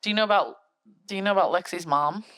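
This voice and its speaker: A woman's voice: lowish voice, fast talker, fairly bright tone, clear, resonant tone. A woman co-hosting a casual podcast, reading definitions aloud and laughing often. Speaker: podcast co-host. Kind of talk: casual chat.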